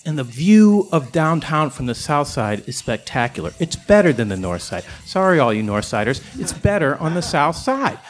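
A man's voice: on the high side, sing-song, moderate pace, few pauses, slight background noise. Profane rambling man telling a comic story. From Chicago.

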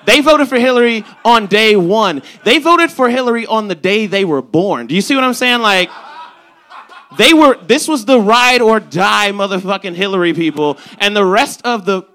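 Bright-voiced young male stand-up comic. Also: high voice, moderate pace. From Chicago's South Side. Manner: animated, swearing, acts out quotes. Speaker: stand-up comedian. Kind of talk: stand-up storytelling.

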